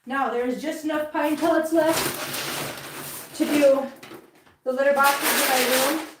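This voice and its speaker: High-voiced woman chatting to her cats. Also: steady tone, slow, echoey room, distant mic, very noisy. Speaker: vlog host. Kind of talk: casual chat while cleaning. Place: home, indoors.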